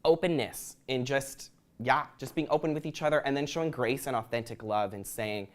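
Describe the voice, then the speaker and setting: A man's voice: medium pitch, normal speed. A young man giving a prepared talk to an audience, earnest and reflective, with occasional ums. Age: young adult. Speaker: student speaker.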